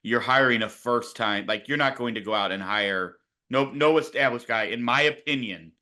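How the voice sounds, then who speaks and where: Bright-voiced, hedging male podcast host. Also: medium pitch, moderate pace. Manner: hedging, reflective, playfully argumentative. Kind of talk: casual sports chat.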